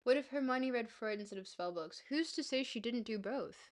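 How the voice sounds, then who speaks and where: A woman's voice: on the high side, animated, normal speed. A young woman streamer reading a book aloud in a playful put-on British-style accent, chatting casually with her viewers between passages.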